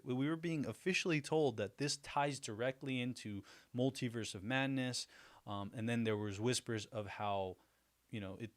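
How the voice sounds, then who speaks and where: A man hosting a casual livestream, chatty and self-deprecating, laughing often as he talks to his viewers. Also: mid-range voice. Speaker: livestream host.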